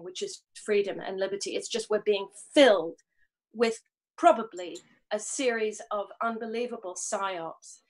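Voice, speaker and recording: Brief: earnest woman panelist, slightly high voice, rambles passionately in loose live chat. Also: rough recording. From grew up on film sets. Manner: rambling, earnest, swears and laughs it off. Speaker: panelist in a live online discussion. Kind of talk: passionate casual talk.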